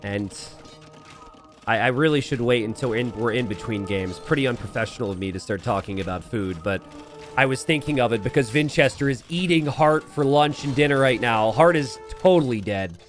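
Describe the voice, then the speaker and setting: A man calls a competitive match live from his home streaming setup. His pitch leaps up and down as he talks. He rambles into jokey, self-deprecating asides between calls of the game. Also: lively intonation, moderate pace, faint music behind. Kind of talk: live game commentary mixed with casual chat.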